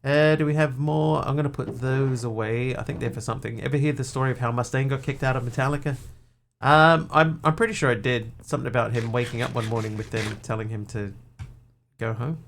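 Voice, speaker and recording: A man's voice: mid-range voice, fairly even intonation, brisk, creaky, fairly bright tone, a little hiss or hum. A man streaming a game, thinking aloud, counting items under his breath and chatting casually with viewers. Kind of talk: casual chat while playing a game.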